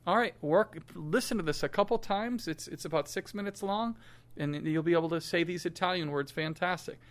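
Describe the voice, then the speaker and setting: A middle-aged man teaching children a song's diction, saying each phrase slowly and patiently for them to echo back. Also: fairly high pitch. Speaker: music teacher. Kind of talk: call-and-response diction lesson.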